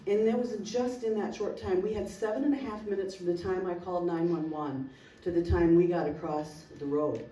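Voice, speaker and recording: Woman telling an emotional story, mellow tone. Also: on the low side, steady tone, brisk, hardly any pauses. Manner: emotional, vivid storyteller quoting dialogue. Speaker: resident speaking at a community meeting. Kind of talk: personal storytelling to a meeting. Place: community meeting room. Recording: roomy hall, distant mic, faint noise.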